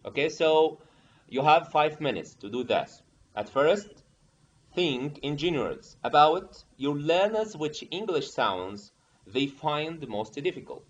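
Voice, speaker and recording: Male teacher trainer, slow and animated delivery, muffled lo-fi sound. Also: on the high side. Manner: explains step by step, often checks with "okay?". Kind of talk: online training lesson.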